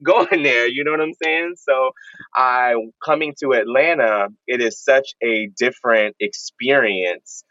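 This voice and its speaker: A young man from Florida, a vegan content creator, telling stories in casual chat with animated, emphatic slang. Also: lowish voice, no room sound, lo-fi sound. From Jacksonville, Florida, US.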